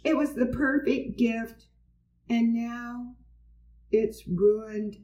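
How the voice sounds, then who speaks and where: A woman's voice: a little high, fairly even intonation, drawn-out words, warm tone, voice pushed up. A woman voicing an upset young boy in a storybook reading, recorded at a distance in a roomy space.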